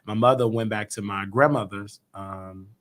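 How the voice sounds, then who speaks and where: A man's voice: on the low side, normal speed. A man hosting a call-in live stream from his own show, telling stories in a loose, slangy way and acting out the other people's voices. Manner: animated storyteller, slangy, acts out quotes. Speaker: host of a YouTube talk show.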